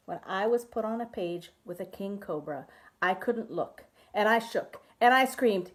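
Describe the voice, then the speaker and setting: A woman minister reading a children's picture book aloud with expressive, animated storytelling. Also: mid-range voice, moderate pace.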